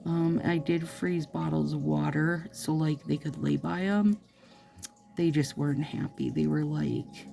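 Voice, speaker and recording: A woman's voice: low-pitched, fairly even intonation, measured pace, gravelly, dark tone, faint music behind. A woman chatting casually to her viewers while doing her nails, rambling and playful with asides. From Minnesota. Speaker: nail vlogger. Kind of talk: casual chat to camera while applying nail strips.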